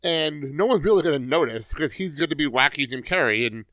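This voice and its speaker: A man's voice: fairly high pitch, animated, fairly quick, pushed and bright, dry recording, poor audio. A man chatting and laughing as a guest on a film podcast. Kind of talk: casual film discussion.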